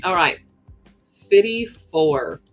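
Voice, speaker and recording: A woman's voice: lowish voice, very animated, slow, soft background music, low-quality recording. A young woman chatting casually with her stream viewers while she works on a craft project, reading chat aloud as she goes.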